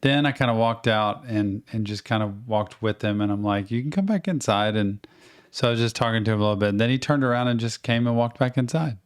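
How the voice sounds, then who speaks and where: A middle-aged man, co-hosting a podcast and telling stories in a casual, animated way. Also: fairly low pitch, fairly quick, smooth. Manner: animated storyteller, acts out quoted voices. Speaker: podcast co-host. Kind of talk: casual storytelling.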